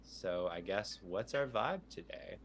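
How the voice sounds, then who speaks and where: Low-ish guy game mastering on a call, voice bounces around a lot, easygoing, reads prompts out. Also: animated, a little slow, a little hiss or hum. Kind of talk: running a tabletop game over a call.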